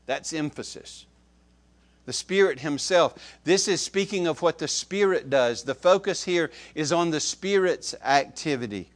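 A man preaching a sermon, who stresses key words loudly, then drops to soft, low asides and repeats phrases to his listeners. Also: animated, normal speed, hardly any pauses. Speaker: pastor.

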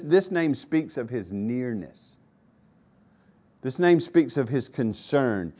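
Man preaching an emphatic sermon. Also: mid-range voice. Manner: emphatic, repeats phrases for emphasis, swings loud and soft. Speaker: pastor. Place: church.

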